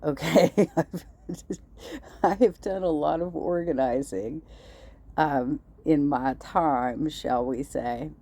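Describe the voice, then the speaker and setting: Low, slow, blunt woman commentator. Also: mellow. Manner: blunt, sarcastic, cutting. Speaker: commentary channel host. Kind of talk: reaction commentary.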